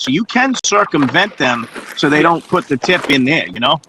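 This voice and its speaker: A man talking casually on a live stream, animated, often restarting his sentences and acting out what others said. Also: medium pitch, moderate pace, few pauses, a little hiss or hum, poor audio.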